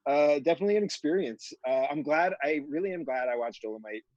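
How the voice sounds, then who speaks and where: A man's voice: a little high, lively intonation, quick pace, a little mellow, no room sound, muffled recording. A man co-hosting a podcast in casual chat, hesitant with many ums. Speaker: podcast co-host.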